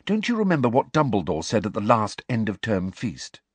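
A man's voice: fairly low pitch, huge pitch swings, slightly rough, no echo, full character voice. A man voicing a clever, earnest teenage girl who lectures her friends in a storybook reading. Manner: earnest, lecturing, slow emphatic delivery.

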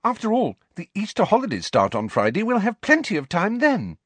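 A man voicing a clever young witch who speaks brightly and briskly. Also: sits high, huge pitch swings, breathy edge, no room sound, voice pushed up, exaggerated voice.

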